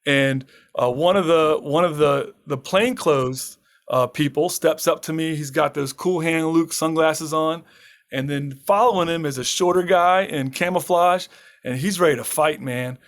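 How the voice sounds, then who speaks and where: A permaculture farmer and author, appearing as a podcast guest, tells a dramatic personal story at a measured pace. His voice sits on the high side, and he laughs often while acting out the lines of the people involved.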